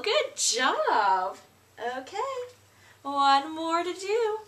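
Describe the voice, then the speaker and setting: A woman teaching shapes at preschool circle time, coaxing small children in a slow sing-song. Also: very high-pitched, sing-song, fairly bright tone.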